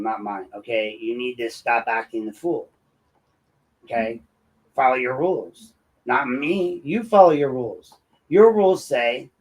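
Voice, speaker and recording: A man's voice: mid-range voice, rough recording. Combative, sarcastic male commentator. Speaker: host and local activist. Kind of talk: ranting commentary.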